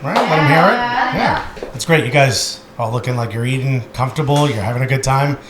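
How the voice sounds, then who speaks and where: Brash stand-up comic man, quick and lively, echoey dining room with loud noise. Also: mid-range voice. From Newark, New Jersey. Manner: brash, self-mocking, acts out loud indignant retorts. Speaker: stand-up comedian. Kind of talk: stand-up set in a restaurant. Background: crowd laughter.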